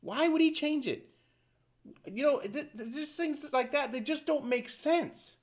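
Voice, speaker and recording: A man with a high voice talks casually to his viewers, rambling from point to point with plenty of asides. He stays informal and chatty throughout. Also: a little slow. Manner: rambling, conversational, fond of asides. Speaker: video host. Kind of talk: casual commentary to camera.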